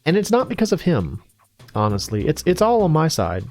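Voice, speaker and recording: A man's voice: a little high, wildly swooping pitch, a little fast, a little mellow. A man casually commenting on a video game as he plays, rambling, joking and self-deprecating. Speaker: let's play host. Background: faint game music.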